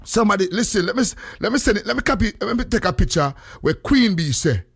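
A Jamaican man hosting a casual chat, his voice sitting high and swooping widely as he spins animated stories in patois. The sound is dry and close, with no room around it. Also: fast talker, vocal fry, breathy edge, no room sound. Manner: animated storyteller, mixes in patois.

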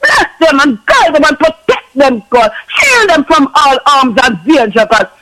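A man's voice: extremely high pitch, big pitch swings, a little slow, sharp tone, rough recording. A man ministering in an impassioned spoken prayer for someone, ending nearly every phrase with a call to God. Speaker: minister praying for a caller.

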